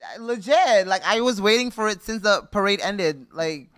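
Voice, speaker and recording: A man co-hosting a casual podcast, animated and playful, laughing often. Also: high-pitched, normal speed, no echo. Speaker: podcast co-host.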